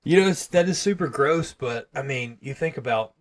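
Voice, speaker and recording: A man's voice: mid-range voice, lively intonation, moderate pace. A man co-hosting a casual podcast, talking easily and laughing often. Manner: laid-back, laughs often. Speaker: podcast co-host. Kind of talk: casual chat.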